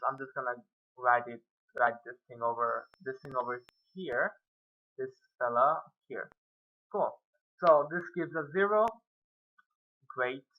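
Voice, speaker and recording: A man's voice: on the high side, dull audio. Rambling self-mocking man teaching math. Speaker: math tutor. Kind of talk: casual whiteboard math lesson.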